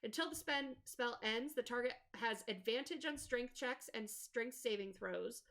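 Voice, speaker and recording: A woman's voice: on the high side, a little slow, creaky, a bit bright. A woman playing a tabletop game, chatting and reading out spell rules. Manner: chatty, reads rules aloud. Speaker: player. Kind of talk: casual tabletop game play.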